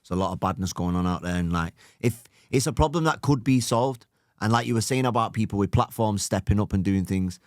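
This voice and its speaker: Podcast host and coach, Manchester man, low voice, encouraging, dry sound. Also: brisk, no room sound. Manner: reflective, encouraging, many "like" fillers. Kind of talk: casual podcast chat.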